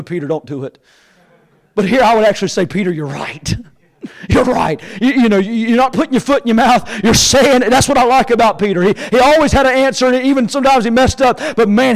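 A man preaching a sermon, swinging between shouted peaks and quiet, hushed asides. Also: high voice, poor audio. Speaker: pastor. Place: church sanctuary with congregation.

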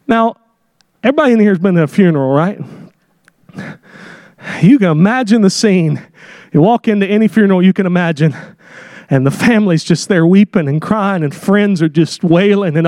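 A man with a high voice preaches a sermon, heard dry and close with no room sound. His delivery is dramatic, and he acts out the people in his story and builds to shouted peaks. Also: dry recording.

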